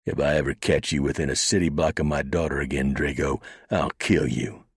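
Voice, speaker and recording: A man's voice: extremely low pitch, steady tone, brisk, slightly rough, no echo, clean studio sound. A man voicing a hard-bitten frontier marshal who bellows in rage in a western audiobook. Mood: furious. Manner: bellowing and enraged.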